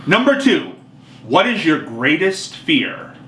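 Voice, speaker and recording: A man's voice: on the high side, very animated, takes it slowly, sharp tone. A man hosting a talk radio show, with an upbeat, showy announcer delivery and playful teasing. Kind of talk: casual talk show banter. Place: radio studio. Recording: echoey room, faint background noise.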